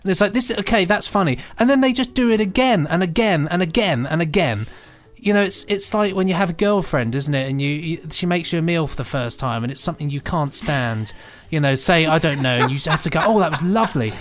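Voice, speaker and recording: A man co-hosting a podcast, animated and rambling, with frequent restarts. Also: a little high, a little fast, hardly any pauses, soft background music. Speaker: podcast co-host. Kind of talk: casual podcast chat.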